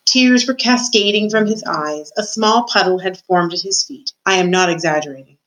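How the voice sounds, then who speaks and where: A woman's voice: on the low side, normal speed, a bit bright, low-quality recording. Woman reading a storybook aloud. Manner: careful reading with occasional stumbles. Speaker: student reader. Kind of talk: reading a children's novel aloud.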